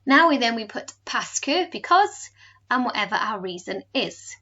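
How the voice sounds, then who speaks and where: A woman's voice: on the high side, very animated, pushed and bright, muffled recording. Woman teaching careful French pronunciation. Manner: slow, careful modelling of pronunciation. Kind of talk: recorded home lesson.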